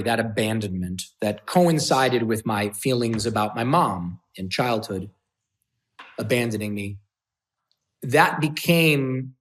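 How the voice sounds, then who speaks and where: A man's voice: mid-range voice, fairly bright tone. A man telling a raw personal story as an interview guest, intense and profane, hammering points through repetition.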